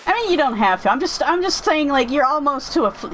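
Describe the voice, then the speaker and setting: A woman chatting casually while playing a game, rambling and thinking out loud with many restarts. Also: high-pitched, sing-song, fast, slight background noise, rough recording. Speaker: gaming streamer chatting with viewers. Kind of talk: casual chat over gameplay.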